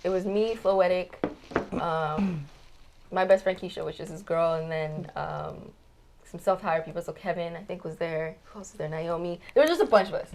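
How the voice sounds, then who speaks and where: Chatty woman, low voice, lots of "like". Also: moderate pace, gravelly, darkish tone, slight background noise, rough recording. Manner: chatty storyteller, many fillers like "like" and "um". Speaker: guest musician. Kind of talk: casual chat. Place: studio lounge.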